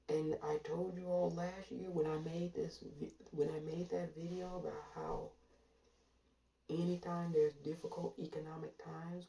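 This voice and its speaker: Emphatic woman with a gravelly, dark voice. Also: low-pitched. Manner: emphatic, repetitive, drawn-out stresses. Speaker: commentator. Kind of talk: casual monologue to camera. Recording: echoey room from far off.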